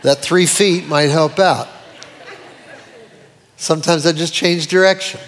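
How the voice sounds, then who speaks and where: Animated preaching man in a reverberant hall. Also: measured pace, some chatter behind, slight background noise. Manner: animated preaching, quoting scripture with dramatic swings in pitch. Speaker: pastor. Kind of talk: sermon.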